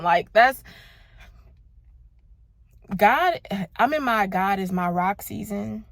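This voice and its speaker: Expressive woman sharing a faith testimony. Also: fairly high pitch, unhurried, pauses often, no echo, studio quality. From Los Angeles, United States. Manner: expressive, emphatic, calls listeners "baby" and "y'all". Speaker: vlogger.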